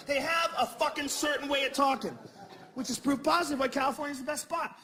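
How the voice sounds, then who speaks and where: A stand-up comedian from Boston performing a loud, profane set and acting out characters as he goes. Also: very high voice, steady tone, a little fast, a crowd in the background. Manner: loud, profane, acts out characters mid-bit. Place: comedy venue on stage. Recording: live comedy club recording with reverb, audience noise.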